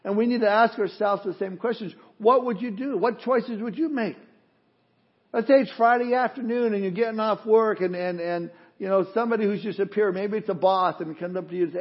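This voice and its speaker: A man's voice: sits high, fairly even intonation, brisk, lo-fi sound. A man preaching a sermon in a conversational way, acting out the excuses people make. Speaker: pastor.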